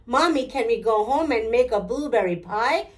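A woman voicing a cheerful, curious little girl doll in a high, eager childlike voice. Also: expressive, moderate pace, lightly acted.

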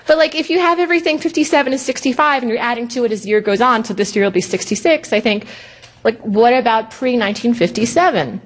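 A woman giving a lecture at a conference, animated and indignant, often mimicking officials in exaggerated voices. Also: on the high side, fast.

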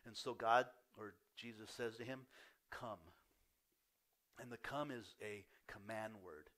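An older pastor giving a sermon, telling stories and acting out the voices of the people in them. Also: male voice, fairly low pitch, fairly bright tone. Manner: storytelling, acts out voices of people in the story. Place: church.

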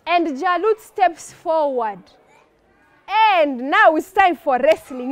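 High-voiced woman telling a children's story. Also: takes it slowly. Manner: animated, asks the listeners questions.

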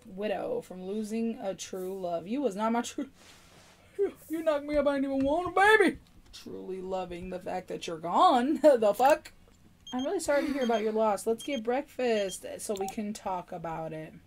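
A young woman streaming a life-sim game, joking loudly and swearing as she narrates her character's schemes. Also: medium pitch, animated, moderate pace, slight background noise. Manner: loud, profane, jokey, voicing her character's lines. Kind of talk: casual gameplay commentary. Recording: game music playing loudly behind.

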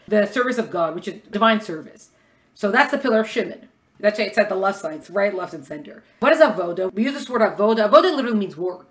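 A woman teaching a lecture class in a quick, conversational way, acting out bits of dialogue. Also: medium pitch, fairly bright tone. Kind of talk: lecture on religious texts.

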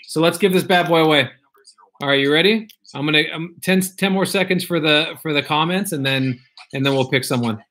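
A man's voice: a little high, brisk, noisy background. A man hosting a casual livestream, chatting loosely, reading viewer comments aloud and repeating himself. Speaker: livestream host opening card packs.

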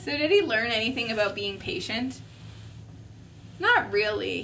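A woman preschool teacher reading a story and teaching young children, gentle and asking them questions. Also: a little high, lively intonation, unhurried. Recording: distant mic, faint room noise.

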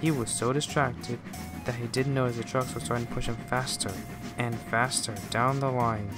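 A man giving scripted storybook narration in a slow, measured way. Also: medium pitch, steady tone. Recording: music playing underneath.

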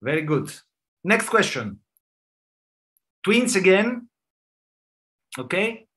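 Bright, playful man hosting a quiz. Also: high-pitched, very animated, slow. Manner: playful, laughs between answers. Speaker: quiz host and dermatologist. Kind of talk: hosting a live online quiz.

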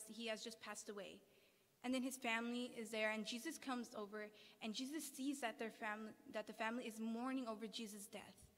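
A woman's voice: a little high, a bit bright. A young woman speaking as a student at a service, earnestly preaching, reading scripture aloud and putting questions to the audience. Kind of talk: sermon. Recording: long hall reverb.

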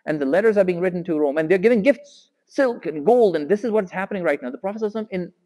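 Fast-talking man lecturing in a hall. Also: high-pitched. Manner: animated, raises voice sharply when quoting figures. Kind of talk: storytelling religious lecture.

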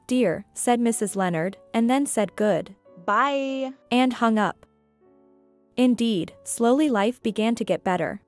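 A woman narrating a family story in a steady, even reading voice, doing all the parts herself. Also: a little high, no room sound. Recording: dry close-mic voice over faint music.

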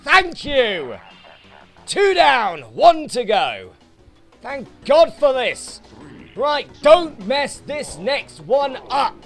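A British man who hosts let's plays, giving excitable gameplay commentary full of swearing and frustrated outbursts. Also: very high-pitched, extremely slow, gravelly, soft background music. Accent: British English. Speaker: let's play host.

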